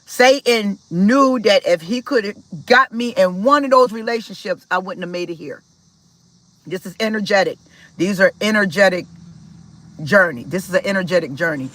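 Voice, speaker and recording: A woman from Maryland telling a personal story to her viewers in a casual, animated way, acting out what people said. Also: mid-range voice, normal speed, no room sound, low-quality recording. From Maryland, USA. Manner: animated, talks to viewers directly, acts out quoted dialogue. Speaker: spiritual vlogger.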